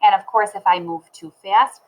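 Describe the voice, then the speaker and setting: A woman teaching a phonics lesson to young children, sounding words out slowly and clearly. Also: medium pitch, a little mellow, low-quality recording.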